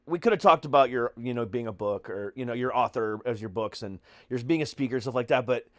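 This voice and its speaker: A man's voice: medium pitch, fast, a bit bright, dry recording, clean studio sound. A man hosting a podcast in casual chat, joking and rambling with many fillers. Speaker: podcast host.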